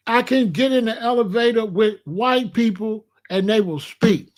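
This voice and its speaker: A man's voice: high voice, moderate pace. A man from Chicago hosting a blunt, profane commentary rant. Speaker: host.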